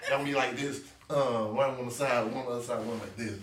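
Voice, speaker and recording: A man's voice: mid-range voice, fairly even intonation, fast talker. A man hosting a podcast interview, joking and laughing often in a casual chat. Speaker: podcast host. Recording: roomy, distant mic with faint noise.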